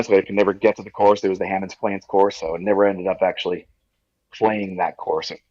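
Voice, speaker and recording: A man in his forties from Nova Scotia, talking easygoing and a bit halting as a podcast guest. His voice is fairly low, and the sound comes through dull and lo-fi, like a remote call, with no room echo. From Nova Scotia, Canada. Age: 40s. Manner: easygoing, halting, many fillers and restarts. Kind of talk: casual interview.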